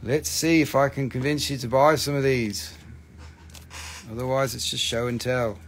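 Gravelly, joking man selling crystals. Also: mid-range voice, fairly even intonation, moderate pace, slight background noise. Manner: joking, profane, rambling. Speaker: live-stream crystal seller host. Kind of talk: casual live sales stream.

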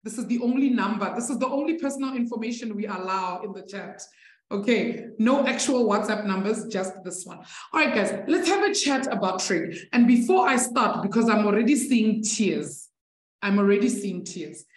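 A woman's voice: medium pitch, expressive, normal speed. A chatty, encouraging woman teaching a live online maths class, laughing easily with her students. Her voice rings with the echo of the room around her. She is from South Africa.

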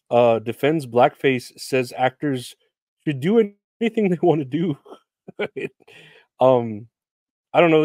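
Man, young adult, podcast host, rambling, sardonic, profane, mid-pitched, dry recording. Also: darkish tone, no room sound. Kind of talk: casual solo podcast rant.

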